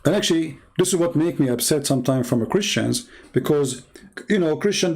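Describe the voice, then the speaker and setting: A man's voice: a little high, animated, quick pace, a little mellow, slightly rough. A man hosting his own channel, delivering a blunt, scornful monologue. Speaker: channel host. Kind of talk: combative monologue.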